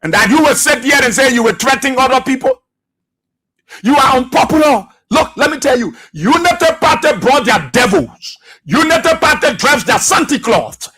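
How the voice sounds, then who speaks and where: Fiery high-voiced Liberian radio host. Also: male voice, expressive, normal speed, bright, forceful tone, slightly rough, faint music behind. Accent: Liberian English. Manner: fiery, accusatory, repeating rhetorical questions. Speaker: radio talk show host. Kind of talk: political talk radio commentary. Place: radio studio.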